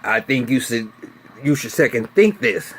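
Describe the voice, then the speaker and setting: A man's voice: mid-range voice, moderate pace. A man talks through a TV episode recap in a loose, casual way. He swears freely and tells the story with energy, slipping into the characters' lines as he goes. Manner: animated, profane storytelling with voiced quotes. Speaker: TV recap reviewer.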